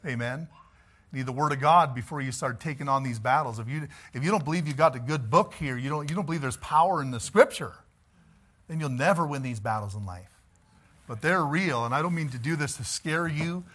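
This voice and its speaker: A male pastor preaching a sermon, telling stories in an animated way and chuckling as he goes. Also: mid-range voice, a little fast.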